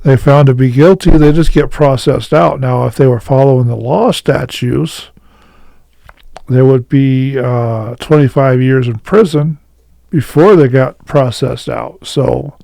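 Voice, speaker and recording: Man, host, rambling and halting, gravelly voice, dark tone, dry sound. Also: medium pitch, no room sound, poor audio. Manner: rambling, halting, many fillers and restarts. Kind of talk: casual commentary.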